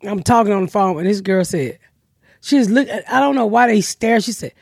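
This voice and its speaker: A woman's voice: mid-range voice, animated, normal speed, vocal fry, darkish tone, no echo, clean studio sound. A woman podcast host telling brash, profane stories in casual comedic chat, acting out the people she quotes.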